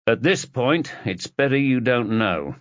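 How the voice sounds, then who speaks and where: A man's voice: mid-range voice, lively intonation, measured pace, a bit bright, no echo, muffled recording, pitched above the performer's own voice. A man voicing a dogged male police inspector who speaks tersely and presses for answers.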